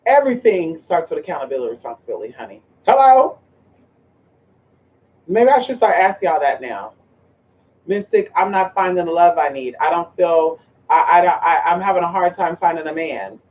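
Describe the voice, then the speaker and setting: Sassy high-voiced man chatting to camera. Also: expressive, normal speed, a little mellow, distant mic. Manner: sassy, chatty, talks straight to viewers and to his pet. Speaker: spiritual vlogger. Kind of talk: casual vlog chat to viewers. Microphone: camera mic. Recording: muffled camera audio from off the mic.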